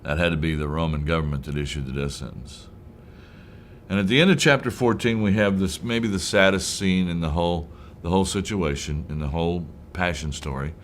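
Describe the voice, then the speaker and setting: A man's voice: low-pitched, brisk, slight background noise. A man teaching a Bible study in a conversational way, retelling scenes and voicing the people in them.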